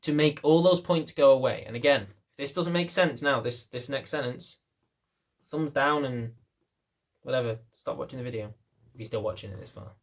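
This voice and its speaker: A man's voice: mid-range voice, normal speed. A young man with an ordinary mid-range voice gives dog training advice straight to camera. His delivery is blunt and rambling, and he pokes fun at himself along the way. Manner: blunt, rambling, self-mocking. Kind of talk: casual talk to camera.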